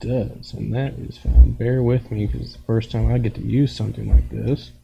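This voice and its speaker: A man playing a tabletop game, thinking aloud in a halting way as he declares his moves. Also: medium pitch, little pitch movement, gravelly, lo-fi sound, slight background noise. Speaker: player. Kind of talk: casual tabletop game play.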